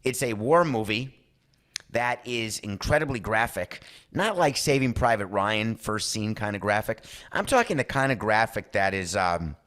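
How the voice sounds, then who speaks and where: A man's voice: on the low side, normal speed. Opinionated male sports podcast host. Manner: animated, acts out quoted voices. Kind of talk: opinionated sports talk monologue.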